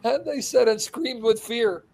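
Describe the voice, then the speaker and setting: A male preacher with a high voice gives an animated expository sermon at a measured pace, his voice showing vocal fry. He laughs, acts out the scenes he retells, and swings between loud, excited bursts and quiet asides.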